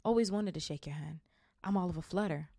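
A woman's voice: fairly low pitch, brisk, vocal fry, dark tone, no room sound, clean studio sound. A woman reading aloud, voicing a fluttery old woman who gushes with effusive pride. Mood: gushing. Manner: gushing, effusive.

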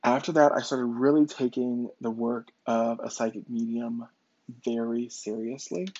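Gravelly husky man telling a story. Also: medium pitch, steady tone, measured pace, darkish tone, dull audio. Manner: conversational, with fillers and restarts. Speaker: psychic medium. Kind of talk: personal storytelling.

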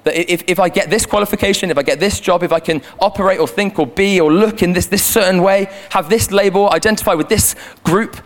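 A man's voice: sits high, quick pace, few pauses. A young man giving a conversational sermon in church as a youth leader, earnest and prone to repeating words as he restarts his sentences, speaking into a handheld microphone.

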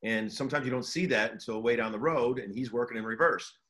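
Middle-aged male coach, earnest, conversational, mid-pitched, stumbles and repeats himself as he talks. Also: quick pace, fairly bright tone. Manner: earnest, repeats words and restarts often. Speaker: college basketball coach. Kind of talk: casual interview talk.

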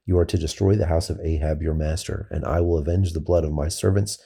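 A man's voice: rumbling low, fairly even intonation, fairly quick, creaky, dark tone, slightly rough, full character voice. A man reading as a young prophet declaiming.

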